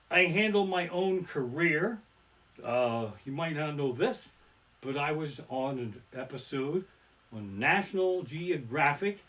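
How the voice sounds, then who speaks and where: A male comedian from Pennsylvania riffs through rambling, swear-filled stories from his living room. His voice sits fairly high and bright. His delivery swings widely, from mutters to sudden shouted punchlines. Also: recorded from a distance. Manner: profane, rambling, bursts into shouts. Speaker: stand-up comedian. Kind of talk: live-streamed comedy storytelling. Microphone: simple home streaming setup.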